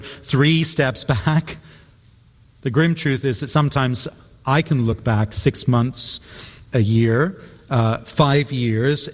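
Earnest preacher in a reverberant hall. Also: male voice, medium pitch. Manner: earnest, with stumbling repeated words. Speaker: pastor. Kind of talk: sermon. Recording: long reverb of a large hall.

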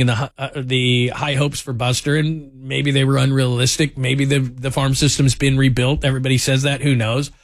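A man's voice: medium pitch, no room sound, clean studio sound. A man hosting a sports talk radio show, telling stories in a chatty way with lots of fillers. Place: radio studio. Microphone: studio microphone.

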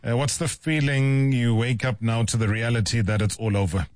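A man hosting a radio sports show, talking in a brisk conversational way with some fillers. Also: medium pitch, steady tone, a little mellow, no room sound, studio quality. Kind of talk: radio sports talk interview.

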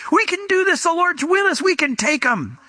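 A man's voice: very high voice, big pitch swings, moderate pace, sharp tone, dry recording, clean studio sound, voice pushed up, heavily acted. A man doing a bold ancient leader, rallying. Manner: insistent, urgent, repeating himself.

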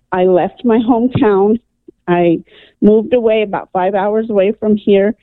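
A woman's voice comes through a thin, phone-band line with a dry sound. She is a radio caller and an animated storyteller who keeps saying "um" and "I'm like." Her pitch sits in the middle. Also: dry recording, phone-quality sound. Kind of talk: telling a personal story on air. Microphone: telephone.

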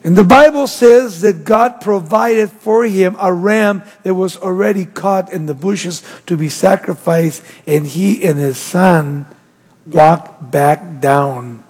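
A man's voice: sits high, takes it slowly, a little mellow, slightly rough. A man preaching a sermon as pastor, with emphatic delivery that rises and falls. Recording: long hall reverb.

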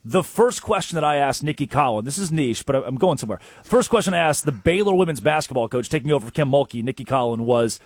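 A man co-hosting a sports talk show, telling stories in an excitable way and acting out quotes. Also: medium pitch, fast, few pauses, dry recording, studio quality. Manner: storytelling, acts out quotes, excitable.

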